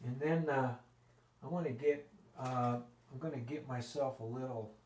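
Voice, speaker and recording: A man's voice: mid-range voice, moderate pace, darkish tone, slight background noise. A man giving a casual oil painting lesson, thinking aloud and restarting sentences as he works at the easel. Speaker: painting instructor.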